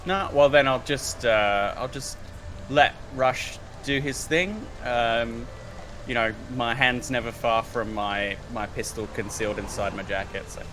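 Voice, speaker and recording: A man talks through his moves in a tabletop game, laid-back and hesitant. His pitch is mid-range. Clear background noise hangs under his voice. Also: a little slow. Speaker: player. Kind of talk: casual game chat.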